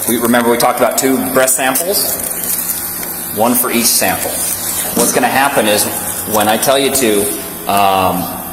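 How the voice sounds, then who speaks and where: A man speaks in a middle-pitched, even voice as a police officer, coaching patiently and reassuringly. He is recorded on a body camera in a booming station room with a constant loud hiss. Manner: calm, reassuring, step-by-step. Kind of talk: procedural instructions to a detainee. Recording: echoey room with loud background hum.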